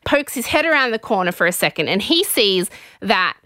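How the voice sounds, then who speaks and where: A woman hosting a podcast, telling a gossipy, animated recap in casual chat. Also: medium pitch, fairly quick, no room sound, clean studio sound.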